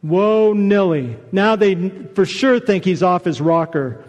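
A man preaching a sermon, conversational and animated, with casual asides to the congregation. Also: high voice, slow, long reverb tail. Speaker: pastor.

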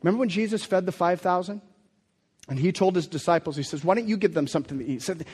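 A man's voice: sits high, very animated, normal speed, darkish tone, breathy edge, long reverb tail. A man preaching a sermon in a conversational way, asking rhetorical questions and restarting his sentences. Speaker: pastor.

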